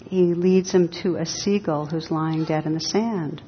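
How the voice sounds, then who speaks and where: Slow reflective woman teacher in a hall. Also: steady tone. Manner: slow, reflective, with gentle humor. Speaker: meditation teacher. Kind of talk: dharma talk. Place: hall with a live audience. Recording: reverberant hall, dull sound, faint rumble.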